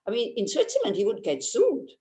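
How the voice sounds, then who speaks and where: An older woman gives an informal Buddhist teaching in a roomy, echoing space. Her voice is a little high and dark in tone, with huge pitch swings and a slightly fast pace, and she's chatty and humorous, telling anecdotes, laughing easily, and often restarting sentences.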